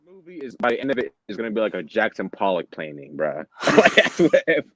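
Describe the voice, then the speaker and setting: An excitable man riffing in a casual chat, quick to laugh and curse. His voice swings widely in pitch and sounds dry and close, with no room echo. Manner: excitable, swearing, laughs a lot. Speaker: podcast co-host.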